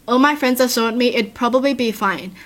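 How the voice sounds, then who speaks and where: A woman's voice: a little high, a little fast, a bit bright. A woman reading stories aloud and adding chatty, earnest asides to her listeners. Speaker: story reader and commentator.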